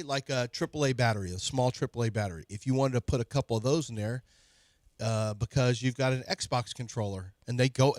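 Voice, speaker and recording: A man's voice: mid-range voice, dry recording, studio quality. A middle-aged man co-hosting a sports radio show, rambling playfully through speculative tangents in casual banter.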